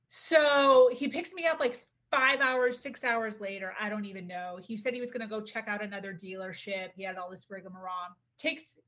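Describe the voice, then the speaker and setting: A young adult woman telling a personal story in a casual, animated way, often saying "like" and acting out what people said. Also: mid-range voice. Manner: animated, acts out quotes, says "like" often. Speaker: podcast guest.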